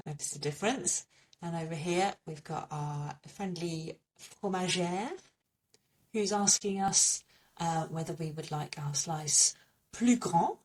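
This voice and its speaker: A woman's voice: sits low, lively intonation, unhurried, a little mellow, recorded from a distance. A woman with an English accent teaching a French pronunciation lesson, patiently repeating little memory tips.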